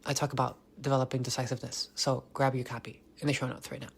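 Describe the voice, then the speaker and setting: A man's voice: medium pitch, level tone, quick pace, gravelly, slightly rough. A man hosting a motivational podcast alone, talking intensely, repeating key lines, swearing and sometimes dropping almost to a whisper. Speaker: podcast host.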